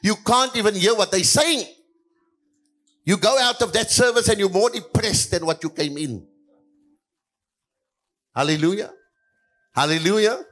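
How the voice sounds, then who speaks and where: A male pastor preaching a sermon, moving between quiet passages and louder lines, with repeated hallelujahs. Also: high voice, unhurried, long pauses.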